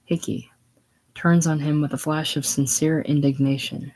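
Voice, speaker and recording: A man reading a stage play aloud, calmly narrating the stage directions. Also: on the high side, normal speed, low-quality recording. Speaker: reader.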